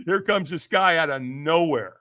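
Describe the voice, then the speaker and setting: A podcast guest who trains people in firewalking tells a story animatedly in casual speech, acting out other people's voices and laughing often. His voice is on the high side, and his pace is measured.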